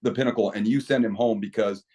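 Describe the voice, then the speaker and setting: Guest, middle-aged man, low voice, animated storyteller who restarts sentences. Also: quick pace. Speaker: podcast guest, equipment company owner. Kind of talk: casual interview talk.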